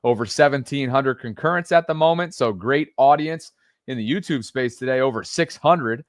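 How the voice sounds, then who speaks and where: A man hosting a live-streamed sports podcast, friendly and relaxed as he thanks viewers and runs through plugs. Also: medium pitch, moderate pace, no room sound, studio quality. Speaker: podcast host.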